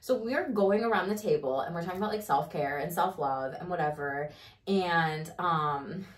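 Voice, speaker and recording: A woman in her thirties telling a story in casual chat, animated, swearing freely and laughing as she goes. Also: lowish voice, moderate pace. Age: 30s. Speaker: podcast host. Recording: roomy, distant mic.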